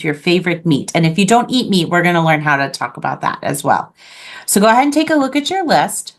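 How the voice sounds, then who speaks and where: A woman teaching a beginners' French class online, patiently modeling each word for her students. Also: lowish voice. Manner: patient, clear modeling of pronunciation.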